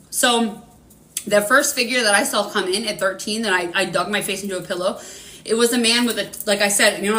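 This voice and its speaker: A woman hosts a live spiritual reading, rambling and swearing casually with plenty of fillers. Her voice is medium-pitched, bright and forceful.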